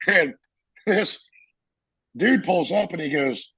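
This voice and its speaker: A Marine veteran telling a story in a casual interview, acting out the voices of people in it and laughing often. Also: male voice, a little high, animated, slow, vocal fry, bright, forceful tone, husky, no room sound, poor audio.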